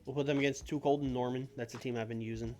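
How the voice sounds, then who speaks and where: A man's voice: mid-range voice, fairly even intonation, fast, mellow. A man streaming a game, talking casually and offhand, thinking aloud and swearing now and then. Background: faint background music.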